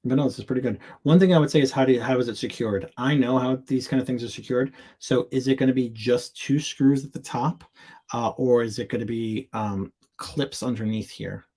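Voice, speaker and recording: This live-show host reviews product listings sent in by viewers, reading on-screen text in fragments and giving candid, chatty feedback full of asides and jokes. His mid-range voice is warm and steady, brisk, with a breathy edge.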